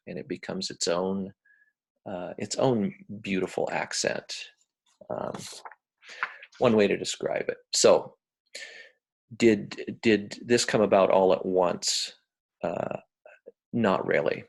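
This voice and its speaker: Brief: deep, gravelly American professor, slow and hesitant lecture delivery. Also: male voice. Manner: hesitant, many fillers and restarts, explains with a metaphor.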